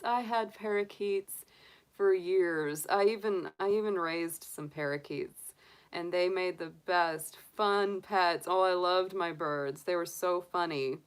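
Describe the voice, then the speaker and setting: A woman's voice: lowish voice, takes it slowly, clear, resonant tone. A middle-aged woman chatting casually on a livestream and cooing baby talk to her pet rabbit. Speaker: tarot reader and astrologer.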